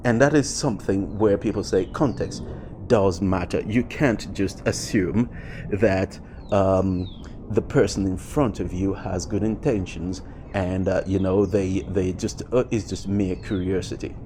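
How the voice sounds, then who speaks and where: A man talking through his thoughts in a casual commentary video, pausing often with fillers and restarts. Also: deep voice, steady tone, dark tone, slight background noise. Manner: reflective, with frequent fillers and restarts. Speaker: vlogger.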